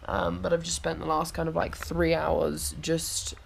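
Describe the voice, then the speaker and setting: A woman's voice: deep voice, little pitch movement, a little slow, creaky, slight background noise. A young woman with a cold, vlogging casually as she travels, chatting and rambling with lots of fillers, recorded outdoors on a handheld action camera. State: has a cold. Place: hostel rooftop and city streets outdoors.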